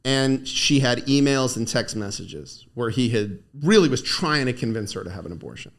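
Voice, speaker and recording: Young guy, a lawyer, chatting on a podcast, acts out quotes, middle pitch. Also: normal speed. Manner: animated storyteller, acts out quoted speech. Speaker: co-host, lawyer. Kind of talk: casual podcast conversation.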